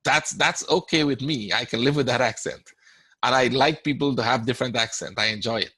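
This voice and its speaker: A man's voice: mid-range voice, fairly quick, bright, forceful tone, breathy edge, no echo. A man with a Guyanese accent, hosting a trading webinar in a conversational way, often checking in with "right?" as he answers questions. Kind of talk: live webinar Q&A talk.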